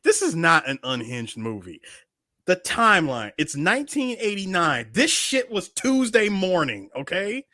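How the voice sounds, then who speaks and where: A man arguing his point on a podcast in a high, bright voice that leaps all over in pitch. He is emphatic and repeats himself to press his case. The sound is close and very dry. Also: huge pitch swings, unhurried, dry recording. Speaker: podcast co-host. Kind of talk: casual podcast banter.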